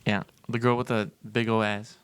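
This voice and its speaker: A young man co-hosting a podcast, telling stories in casual chat, laughing often and slipping into quick put-on voices. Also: fairly low pitch, little pitch movement, a bit bright, clean tone, dry recording. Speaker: podcast co-host.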